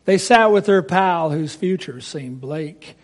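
A man's voice: on the high side, expressive, slow pace. A man reciting a rhymed Bible story expressively, asking listeners direct questions.

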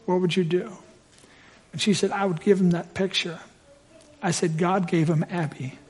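A middle-aged man preaching a sermon in a church, telling a family story and swelling loud at the climaxes. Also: sits high, steady tone, normal speed, husky. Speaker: pastor.

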